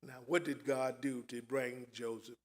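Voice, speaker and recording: A man's voice: mid-range voice, little pitch movement, measured pace. A man preaching a sermon with emphatic delivery and asides to the congregation.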